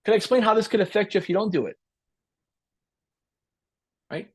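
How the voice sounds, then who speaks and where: A man's voice: high voice, husky. A man coaching a live training webinar with lots of energy, repeating his points and often checking in with "right?". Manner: acts out client dialogue in quick role-play.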